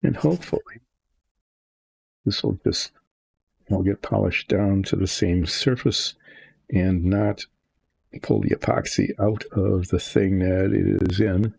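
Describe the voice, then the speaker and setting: A man's voice: low-pitched, steady tone, takes it slowly, vocal fry, long pauses, darkish tone, slightly rough, no room sound. An older man chatting casually as he works on a model, rambling through asides. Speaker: hobby model painter. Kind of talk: casual narration while working.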